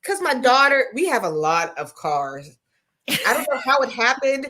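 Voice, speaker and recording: An American woman in her forties chats in an easygoing way, telling stories and reading viewers' comments aloud. Her voice is slightly high for a woman. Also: moderate pace, a little hiss or hum. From Pennsylvania, US. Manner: relaxed, storytelling, reads viewer comments. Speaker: co-host, crochet creator. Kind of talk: casual livestream chat.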